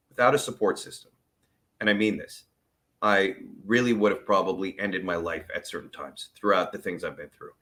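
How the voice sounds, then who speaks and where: Earnest man, bright and forceful tone, candid personal storytelling, plain-spoken. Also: fairly low pitch. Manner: earnest and openly emotional; plain-spoken, with the odd curse. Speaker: vlogger sharing his chronic illness story.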